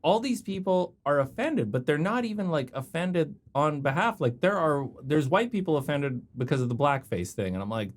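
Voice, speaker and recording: A man's voice: on the high side, animated, moderate pace, hardly any pauses. A middle-aged man from Canada, a comedian hosting a casual podcast chat, joking and teasing playfully.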